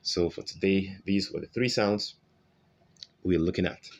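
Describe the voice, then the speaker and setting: Slow, deep-voiced male pronunciation teacher. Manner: slow, repetitive, modelling sounds, frequent "okay?" check-ins. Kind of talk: online phonetics lesson.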